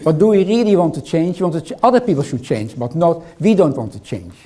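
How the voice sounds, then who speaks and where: A man's voice: on the high side, expressive, fast talker, warm tone. An older man with a foreign accent giving a lecture in a hall, teasing and quizzing the audience as he goes. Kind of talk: interactive lecture.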